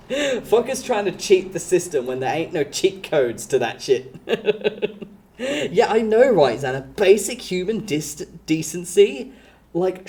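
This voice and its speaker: A woman's voice: lowish voice, mellow. Laid-back swearing woman streamer. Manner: laughs often, swears freely, rambling. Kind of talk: casual live-stream chat.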